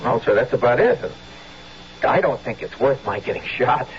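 An actor playing a nervous, stammering young colonial soldier in a 1970s radio drama, from a dull old broadcast recording. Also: male voice, medium pitch, animated, normal speed, slight background noise, close to an everyday voice. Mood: earnest.

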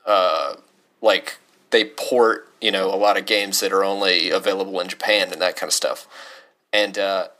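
A man co-hosting a casual podcast, reading listener questions aloud and joking between them. His voice is bright and forceful, with a playful edge. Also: low voice, steady tone, normal speed. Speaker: podcast co-host. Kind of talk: casual chat.

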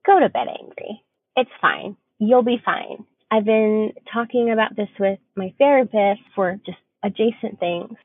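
A woman's voice: medium pitch, a little slow, few pauses, slightly rough, no echo. A young woman co-hosting a podcast, talking candidly in casual chat, swearing freely and full of fillers. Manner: frank, swears freely, chatty with many fillers. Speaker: podcast co-host. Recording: tinny phone-like dry sound.

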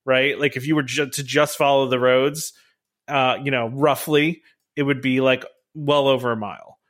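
A man's voice: medium pitch, fairly even intonation, normal speed, fairly bright tone. A man hosting a podcast in casual chat, talkative and loose, tossing in "right?" and "you know" as he goes. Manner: chatty, says "right?" and "you know" a lot. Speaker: podcast host.

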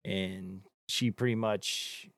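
A man's voice: sits low, fairly even intonation, takes it slowly, no echo, clean studio sound. A man chatting casually as a podcast co-host, rambling with many fillers and restarts. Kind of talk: casual chat.

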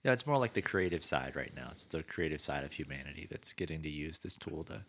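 A man's voice: rumbling low, lively intonation, fast, vocal fry, a bit bright. A man co-hosting a casual podcast, chiming in with short eager reactions and frequent laughter. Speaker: podcast co-host. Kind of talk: casual chat.

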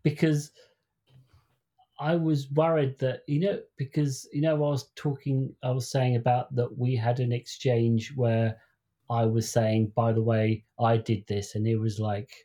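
A man's voice: medium pitch, little pitch movement, unhurried, warm tone. Rambling British man telling a story. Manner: rambling storyteller, acts out quoted voices. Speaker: podcast co-host. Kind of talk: casual chat.

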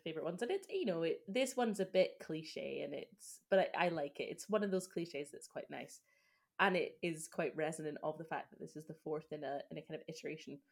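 A woman's voice: low voice, fairly quick, vocal fry. A woman hosting a casual podcast chat, talking with lots of fillers and getting emotional. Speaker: podcast host.

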